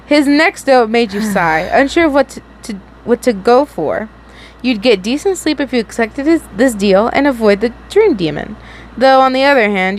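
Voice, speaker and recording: A woman's voice: a little high, a little hiss or hum. A young woman reading a fanfiction story aloud in a casual way, giggling and chatting to her listeners between passages. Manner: giggly, chatty, frequent self-corrections. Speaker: story reader.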